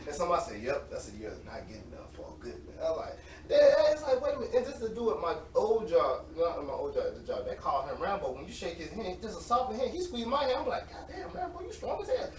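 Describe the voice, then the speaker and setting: A man in his late twenties, an interview guest, telling animated, slangy stories and laughing often. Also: fairly high pitch, fast, few pauses. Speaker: interview guest, semi-pro football player. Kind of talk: casual storytelling. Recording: roomy, distant mic with faint noise.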